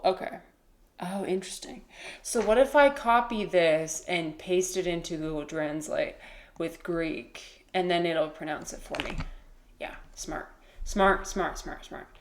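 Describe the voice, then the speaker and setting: A woman's voice: lowish voice, vocal fry. Rambling, giggly woman streamer. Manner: rambling, giggly, reads chat aloud. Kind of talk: casual livestream chat.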